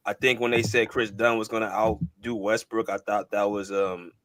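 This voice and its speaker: A man's voice: lowish voice, little pitch movement, normal speed, noisy background. A man hosting a live basketball podcast, laid-back and slangy, speaking to viewers in the chat. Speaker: podcast host. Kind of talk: casual sports chat.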